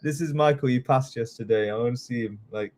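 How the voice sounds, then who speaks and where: A man teaching a live online test-prep class, chatty and excitable, often apologizing as he goes. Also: mid-range voice, a little fast, crowd noise. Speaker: citizenship test tutor.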